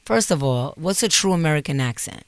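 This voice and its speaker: A woman's voice: deep voice, expressive, a little fast, smooth, dry recording. A woman in her forties from New York City with a New York accent, talking as a guest in a casual interview and slipping between English and Spanish. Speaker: guest actress.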